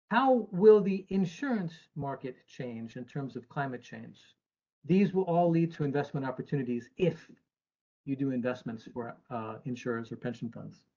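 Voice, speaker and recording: An American actuary from the United States, his voice a little high and a little mellow on dull audio, gives a presentation to investors. He's earnest and emphatic, with dry asides.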